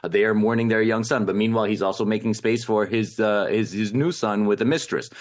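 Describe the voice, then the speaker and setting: A man's voice: fairly low pitch, fairly quick. A man film critic in a casual panel chat, rambling and full of fillers as he works through his thoughts.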